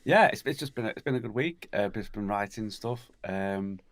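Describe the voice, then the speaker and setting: A man's voice: lowish voice, lively intonation, normal speed, no room sound. A man who is a musician and podcast guest, talking hesitantly with many fillers and laughing easily. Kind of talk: casual chat.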